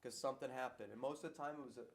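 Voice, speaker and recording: A middle-aged man, a pastor, answering audience questions in a lively, playful way that keeps circling back on its points. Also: medium pitch, racing. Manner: animated preacher, playful, repeats himself.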